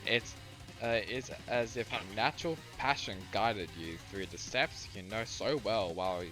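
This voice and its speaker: Wry, slightly low man narrating a game. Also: a little slow, over music. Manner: wry, teasing, laughs and stumbles while reading. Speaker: friend reading narration on a stream. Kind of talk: reading game narration aloud, casual chat.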